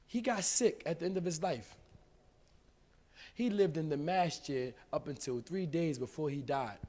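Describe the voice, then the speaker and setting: American preacher, loud and hushed by turns. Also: male voice, on the high side, normal speed. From United States. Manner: informal street-style speech with big swings of volume. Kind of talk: live mosque talk. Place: mosque hall.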